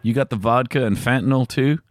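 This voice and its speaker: A man making a prank call who asks casual questions in a deadpan way. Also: medium pitch, a little fast. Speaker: prank caller.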